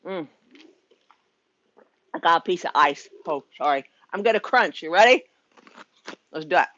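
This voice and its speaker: A woman's voice: on the low side, lively intonation, unhurried, a bit bright, lo-fi sound. A middle-aged woman from the United States, a spiritual life coach venting frankly to her viewers at home, chatty, swearing and laughing, sweaty. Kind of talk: casual vlog rant.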